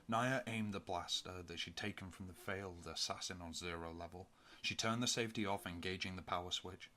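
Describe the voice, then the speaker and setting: Male audiobook narrator, low voice, steady measured read.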